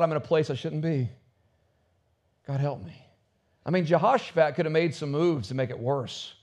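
A man preaching a sermon as pastor, with rising and falling emphasis. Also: sits high.

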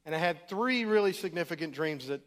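Man, middle-aged, preacher, relaxed storytelling sermon, church, slightly raised pitch. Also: a little fast. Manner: casual storytelling with conversational fillers. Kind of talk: sermon testimony.

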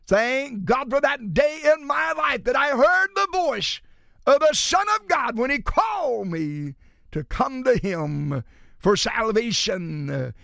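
A man preaching a sermon as a pastor, rising into shouts and then dropping low and slow. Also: lively intonation, creaky, no echo, clean studio sound.

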